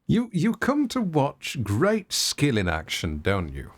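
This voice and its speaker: A man's voice: mid-range voice, huge pitch swings, takes it slowly. A man streaming a video game, giving casual, playful, self-mocking commentary as he plays.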